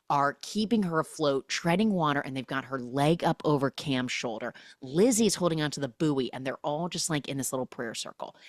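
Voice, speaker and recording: A woman's voice: deep voice, dry recording, studio quality. A woman hosting a podcast who recaps a film in a chatty, sarcastic way and fills her talk with "like". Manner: chatty, sarcastic, heavy use of "like". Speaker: podcast host.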